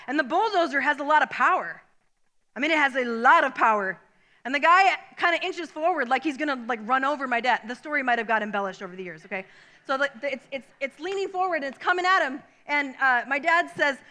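A woman preaching a sermon, telling a family story and acting out its characters with loud, high shouts. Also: quick pace.

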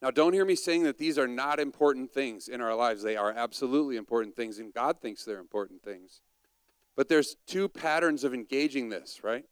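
Conversational preacher, smooth voice. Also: male voice, mid-range voice, fairly quick, dry recording. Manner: conversational, asks the audience questions. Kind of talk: sermon.

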